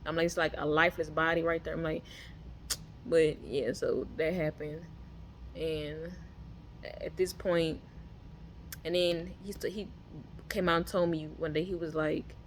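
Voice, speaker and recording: This is a personal testimony told casually by a woman with a low voice, recorded with a slight hiss or hum. She talks in a loose, conversational manner, with frequent fillers and restarts.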